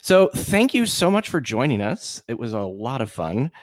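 A man's voice: mid-range voice, very animated, normal speed, no echo. A man from Washington State hosting a podcast in casual chat, rambling with lots of fillers and restarts. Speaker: podcast host.

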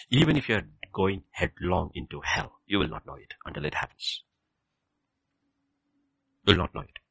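A man preaching a sermon with passion, leaping from loud exclamations down to hushed near-whispers. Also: low voice, gravelly, breathy edge, no echo.

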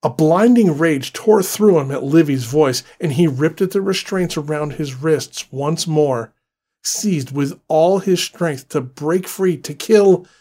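A man giving a scripted horror story narration in a slow, deliberate, dramatic way. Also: fairly high pitch, darkish tone.

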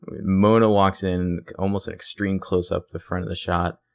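Man, low voice, dry close sound, casual podcast recap, playful, animated. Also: moderate pace, creaky, clean tone, dry recording. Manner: animated, playful, retells scenes. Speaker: podcast co-host.

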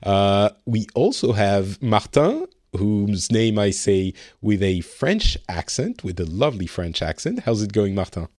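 A man hosting a podcast in casual chat, upbeat and quick to laugh. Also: lowish voice, animated, a little mellow, no echo, clean studio sound. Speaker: podcast host.

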